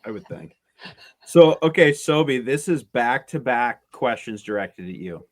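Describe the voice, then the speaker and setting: A man's voice: medium pitch, animated, measured pace. A man co-hosting a podcast, reading out listener questions and dropping wry asides. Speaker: podcast co-host. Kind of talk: casual podcast banter.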